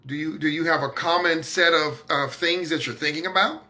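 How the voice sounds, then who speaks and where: A man with a fairly high, sharp-toned voice hosts a talk broadcast at normal speed, delivering it like a sermon. He speaks emphatically and confidently, repeating words to hammer his points home.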